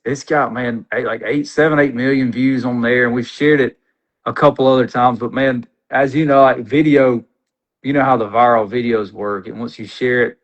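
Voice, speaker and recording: A man with a drawl spins a fishing yarn as a podcast guest. His delivery is animated and folksy, with run-on sentences that pile one clause onto the next. The pitch sits at an ordinary middle height. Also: poor audio. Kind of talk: casual storytelling.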